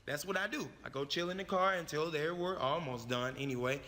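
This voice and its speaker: A man's voice: a little high, brisk, bright, forceful tone, long reverb tail. A man telling a personal story in a profane, emphatic way, repeating his phrases for effect. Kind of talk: animated storytelling.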